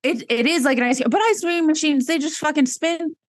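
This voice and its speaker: A woman's voice: high-pitched, a little fast, no room sound. A young woman co-hosting a podcast, talking loosely and profanely and trailing off into fillers. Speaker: podcast co-host. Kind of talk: casual chat.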